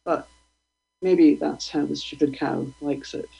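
A woman, a guest poet, reading her poems aloud in a slow, deliberate, provocative way. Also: sits low, fairly even intonation, vocal fry, warm tone, slightly rough. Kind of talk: poetry reading. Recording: dull lo-fi radio stream.

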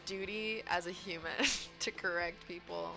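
A woman co-hosting a casual talk show, blunt and quick to correct people, swearing freely. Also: lowish voice, steady tone, vocal fry, sharp tone, soft background music. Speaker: podcast co-host. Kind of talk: casual chat.

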